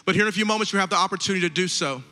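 A man's voice: sits high, rapid-fire, sharp tone. A man preaching an altar call as pastor, with fervent repeated exhortations, in a large church hall. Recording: long hall reverb, faint music.

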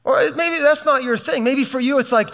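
A man's voice: extremely high pitch, fairly even intonation, fairly quick, fairly bright tone. A middle-aged man preaching a sermon as a pastor, fervent and conversational, often restarting his sentences.

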